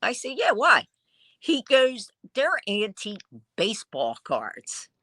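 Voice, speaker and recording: A woman vintage dealer telling stories in a casual interview, acting out what people said with lively quoted dialogue. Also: medium pitch, unhurried, no echo. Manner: lively storyteller who acts out quoted dialogue. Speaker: vintage dealer and online seller.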